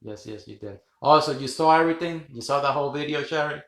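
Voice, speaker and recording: A man's voice: a little high, fast, a bit bright, roomy sound. A man hosting a rambling live stream, chatting with viewers, laughing often and swearing casually. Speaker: livestream host.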